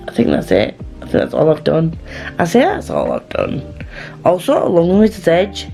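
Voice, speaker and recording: Low, lively woman chatting to camera. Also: a little fast, gravelly, faint music behind. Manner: playful, rambling, chatty asides. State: hungry and a bit giddy. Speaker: book vlogger. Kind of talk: casual reading vlog chat.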